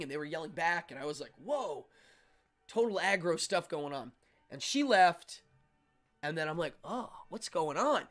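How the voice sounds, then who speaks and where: A man, host of a talk show, casually telling a personal story and acting out the people in it. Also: high-pitched. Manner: animated, acts out yelling voices in his story. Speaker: podcast host.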